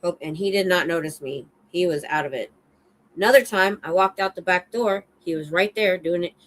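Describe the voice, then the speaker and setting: A middle-aged woman, a security guard hosting a casual livestream chat, telling animated stories from her work. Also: on the low side, normal speed, low-quality recording. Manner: animated storyteller, acts out her own shouts.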